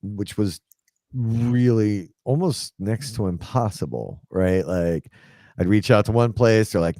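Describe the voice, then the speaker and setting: A man in his forties tells a personal story casually and rambles, packing in fillers and often acting out what people said. His voice sits on the low side, mellow, with lively intonation and a slightly slow pace. The recording is dry and studio-clean.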